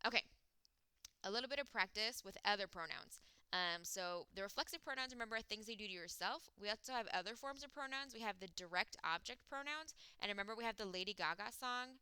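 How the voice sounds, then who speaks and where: A woman's voice: mid-range voice, expressive, a little fast, bright, forceful tone, clean tone, no echo. A woman Spanish teacher, explaining grammar step by step in a recorded lesson, with frequent "um" and "okay".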